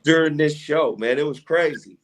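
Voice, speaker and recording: A man from Tennessee, a radio personality, telling a story in a casual interview, animated, slangy and profane, acting out what people said. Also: a little high, moderate pace. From Chattanooga, Tennessee, USA. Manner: animated storyteller who acts out quoted dialogue, with slangy profanity. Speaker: radio personality and podcast guest.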